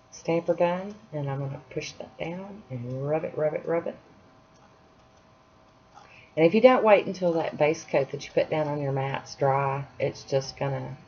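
Chatty home nail vlogger: a woman with a low voice, unhurried and self-deprecating, on a dull lo-fi track. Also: a little mellow. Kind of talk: casual tutorial chat. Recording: dull lo-fi sound, faint hiss.

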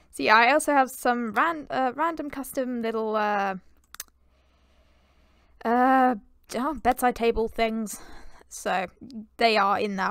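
A woman's voice: fairly high pitch, a bit bright, no room sound. A British woman giving chatty, rambling commentary on her life-sim game and talking to the characters. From Britain. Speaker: gameplay commentator.

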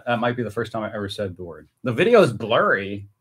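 An American man chatting casually and excitedly on a live stream while tasting snacks. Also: fairly low pitch, quick pace, husky. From United States. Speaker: vlogger.

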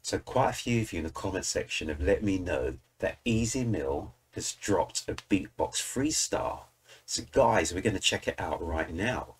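A low-pitched, husky British man speaks expressively at normal speed while hosting a music reaction video. He offers casual, enthusiastic commentary and talks right to his viewers.

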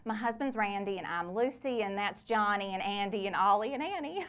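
A woman's voice: mid-range voice, lively intonation, a little fast, smooth, lightly acted. A woman playing a chatty, weary mother of four whose husband is in prison. She speaks, rambles in a friendly way and scolds her kids between sentences. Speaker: stage actor in a one-woman play. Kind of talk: theatrical monologue.

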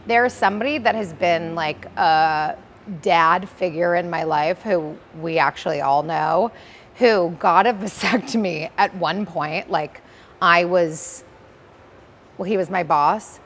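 A woman co-hosting a podcast in casual chat, asking lots of questions and reacting quickly to her partner. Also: fairly low pitch, fairly bright tone, slight background noise. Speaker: podcast co-host.

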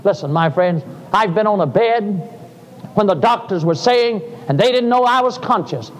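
Old preacher guy, high pitched, tells stories then cries out, church echo. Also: lively intonation, moderate pace. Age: older. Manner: folksy storytelling, rising to fervent cries. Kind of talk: sermon. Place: church sanctuary. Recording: live sermon in a reverberant church.

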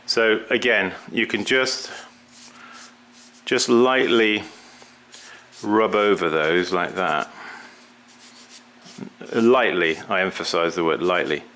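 A middle-aged man with a somewhat low but bright, forward voice explains glazing as he works. He talks casually and stumbles, restarting phrases while he handles the pots. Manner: halting, repeats words, talks while working. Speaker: potter demonstrating glazing.

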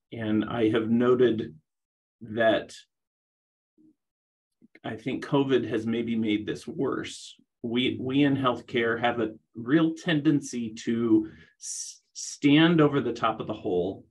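A middle-aged man giving a conference presentation on rehabilitation, talking in a halting way with many restarts. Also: mid-range voice, rough recording. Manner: hesitant, many restarts and fillers.

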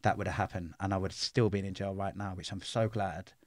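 A man's voice: low-pitched, fairly even intonation, brisk, no echo, studio quality. A middle-aged man, telling his life story bluntly in an interview, full of swearing and street slang. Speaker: interview guest.

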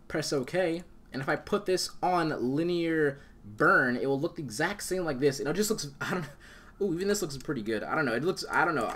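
Fast-talking young man rambling through a tutorial. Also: on the high side, fairly bright tone. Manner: rambling, enthusiastic, many fillers and self-corrections. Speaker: tutorial host. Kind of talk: casual screen-recorded software tutorial.

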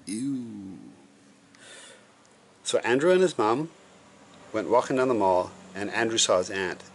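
A father reading a bedtime storybook aloud to his kids, with gentle, chatty asides to them. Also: lowish voice, lively intonation, moderate pace, slight background noise.

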